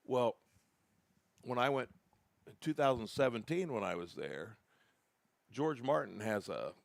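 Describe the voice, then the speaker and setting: A man's voice: medium pitch, lively intonation, measured pace, vocal fry, dry recording. A man co-hosting a podcast, telling long rambling anecdotes in casual chat. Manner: rambling anecdotal storytelling with restarts. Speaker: podcast co-host.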